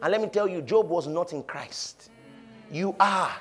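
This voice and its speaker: A man preaching a sermon, shouting one moment and dropping low the next, leading his congregation to repeat phrases. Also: unhurried. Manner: preaching with swings from shouting to quiet, leading call-and-response. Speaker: pastor.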